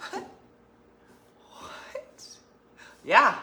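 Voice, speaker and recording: A woman's voice: sits low, very animated, unhurried, long pauses, a bit bright, reverberant. A woman hosting an online show, chatting casually with viewers and laughing as she tells stories. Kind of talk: casual live-stream chat.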